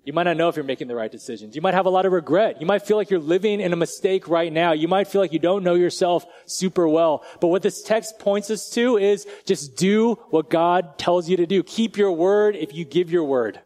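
A male pastor preaching a conversational sermon, casual and direct, who often drops to a quiet, slow emphasis. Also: high voice.

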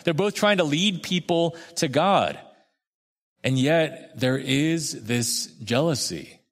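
A man preaching a sermon in a conversational way, acting out quoted voices and slowing down for emphasis. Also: fairly high pitch, lively intonation. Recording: long hall reverb.

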